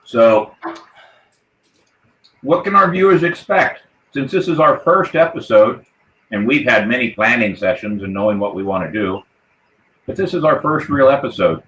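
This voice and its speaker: A man's voice: mid-range voice, expressive, normal speed, pauses often, a bit bright, roomy sound, rough recording. A man hosting a live pirate-themed podcast, talking in a hearty, playful way as the ship's captain. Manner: hearty, toasting, rallying the crew. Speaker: podcast host.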